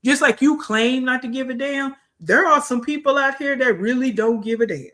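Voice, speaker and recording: A woman's voice: high-pitched, moderate pace, a bit bright. A woman hosting a reaction livestream, scolding bluntly, repeating phrases for emphasis and greeting her live chat. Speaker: livestream commentary host.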